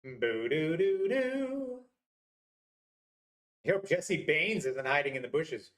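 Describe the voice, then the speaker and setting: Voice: mid-range voice, moderate pace, fairly bright tone. A gamer playing an old adventure game and reading its text aloud, with wry, jokey asides. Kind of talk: let's play commentary, reading game text.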